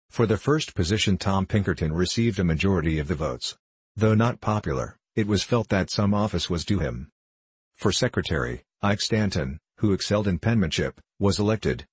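Deep husky male audiobook narrator. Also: dry recording. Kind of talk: scripted narration.

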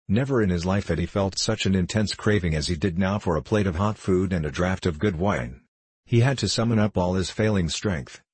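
A man narrating a storybook audiobook in a steady, measured reading. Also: low-pitched, breathy edge, no echo.

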